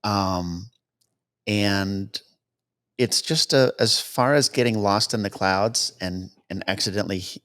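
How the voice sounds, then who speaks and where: A man with a lowish voice tells stories as a podcast guest, plainly and casually. He slips into the voices of the people he quotes, jumping higher in pitch to play them out. It sounds like easygoing chat rather than a prepared talk. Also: slow pace. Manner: anecdotal, acts out quoted dialogue with lively pitch jumps. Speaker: guest, helicopter cameraman. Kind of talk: casual storytelling interview.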